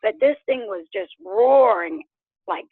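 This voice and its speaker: A woman from Oklahoma telling her story as an interview guest in casual storytelling, animated and laughing, acting out what others said. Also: mid-range voice, a little slow, slightly rough, no room sound. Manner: animated, laughs often, acts out quotes. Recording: tinny phone line.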